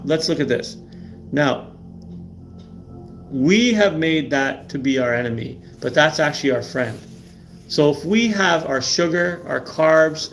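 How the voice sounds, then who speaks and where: Middle-aged man, emphatic live-stream host, fairly high voice, faint music behind. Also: a bit bright. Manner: emphatic, repeats words, asks "right?" often. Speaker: livestream host. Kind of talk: live stream health talk.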